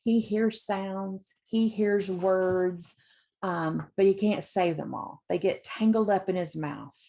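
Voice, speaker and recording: A woman who teaches literacy, retelling picture books for teachers in a slow, relaxed way with many ums. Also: mid-range voice, creaky. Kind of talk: informal book talk to teachers.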